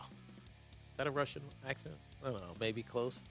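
A man hosting a sports radio show, talking at a middling pitch in a loose, rambling and jokey way, full of fillers. Faint music plays softly underneath him. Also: normal speed, creaky. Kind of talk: casual sports talk.

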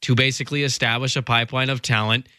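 A man co-hosting a sports talk show, giving opinions in casual, quick-restarting chat. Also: mid-range voice, little pitch movement, sharp tone, clear, resonant tone, dry recording, clean studio sound. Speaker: sports radio co-host.

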